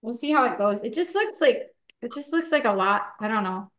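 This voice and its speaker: Woman podcast co-host, slightly high, rambling and giggly, roomy kitchen sound. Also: lively intonation, brisk, fairly bright tone. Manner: chatty, many fillers, laughs often. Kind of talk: casual chat while baking.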